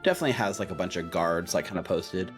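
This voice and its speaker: A man's voice: deep voice, animated, fast, soft background music. A young man narrating as game master, rambling with many fillers.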